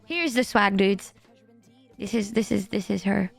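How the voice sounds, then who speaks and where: A young woman in her twenties, streaming and telling a story in a casual, animated way, laughing often and swearing freely. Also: mid-range voice, measured pace, vocal fry, faint music behind. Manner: animated, giggly, swears a lot. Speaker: livestreamer.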